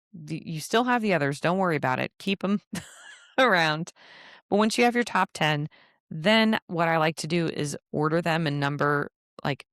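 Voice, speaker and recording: A woman's voice: on the low side, fairly bright tone, no echo, studio quality. A woman hosting a solo podcast, giving casual business advice in a chatty way with frequent laughs and playful asides. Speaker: podcast host and travel advisor.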